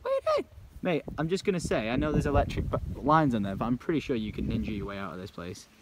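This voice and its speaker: A young man vlogging at a zoo park outdoors, talking excitedly to the animals into a handheld camera. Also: medium pitch, quick pace. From England. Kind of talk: casual vlog commentary. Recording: noisy outdoor camera audio.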